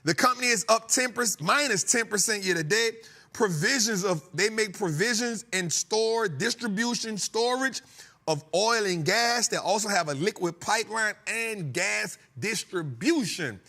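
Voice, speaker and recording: Animated joking male host. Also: high-pitched, moderate pace. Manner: animated, joking, laughing often. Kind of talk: comedic finance talk show.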